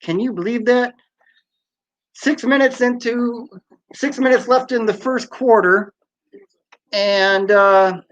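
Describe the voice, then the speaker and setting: A man hosting a casual live stream from home, chatting and reading out viewer comments. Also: sits high. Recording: slightly dull lo-fi sound.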